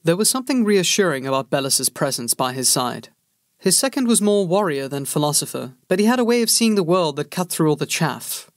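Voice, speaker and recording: Steady male audiobook narrator, dry sound. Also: on the high side, a little fast, no room sound. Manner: steady, even storytelling. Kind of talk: scripted narration.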